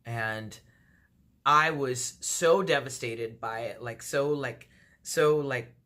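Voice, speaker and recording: Her pitch is extremely low, her pace slow, her tone a bit bright. She's a D.C. vlogger from Washington, D.C., delivering a storytime monologue to camera about her own life, performing both sides of the dialogue with many fillers.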